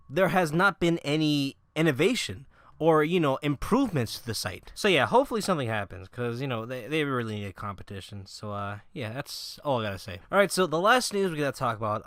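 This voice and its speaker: A man's voice: on the high side, a bit bright, no room sound, clean studio sound. A man vlogging about gaming news in a casual, profane rant, mocking the people he disagrees with.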